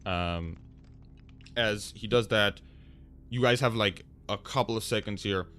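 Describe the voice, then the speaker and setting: A man narrating a tabletop game as game master, chatty and animated, with many fillers. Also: on the low side, measured pace.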